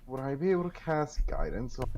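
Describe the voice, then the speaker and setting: A man's voice: medium pitch, a little fast, darkish tone, lo-fi sound, a little hiss or hum. A man playing a tabletop game over voice chat, speaking hesitantly with frequent fillers. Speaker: player.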